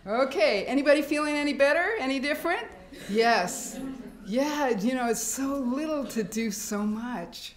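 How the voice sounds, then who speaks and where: A middle-aged woman giving a workshop talk to a live audience, animated and laughing often as she acts out fearful thoughts. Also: high-pitched, normal speed. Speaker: workshop speaker. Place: hospital meeting room. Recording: echoey room.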